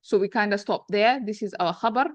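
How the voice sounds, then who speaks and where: A woman teacher takes her students through a grammar text with patient explanations and frequent check-ins. She reads out each passage at speed, then slows right down to unpack it. Her voice sits at a middle pitch, recorded close and dry. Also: no room sound, lo-fi sound. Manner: reads Arabic quickly, then explains slowly. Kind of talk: classroom lesson, explaining and translating a text.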